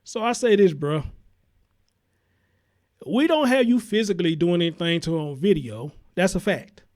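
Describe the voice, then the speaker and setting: A talk show host with a high-sitting, animated voice and a somewhat dark tone speaks at a normal speed. He runs a live-stream commentary show, greeting viewers in a blunt, heated way and cursing heavily.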